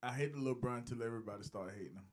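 A man co-hosting a podcast in casual chat, blunt and joking, with sudden jumps in loudness. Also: mid-range voice, very fast. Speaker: podcast co-host.

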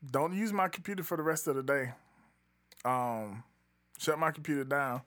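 Chill guy, kinda high bright voice, lotta ums, rambly slang talk. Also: expressive, moderate pace. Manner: laid-back slang, fillers, trails off searching for names. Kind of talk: casual chat.

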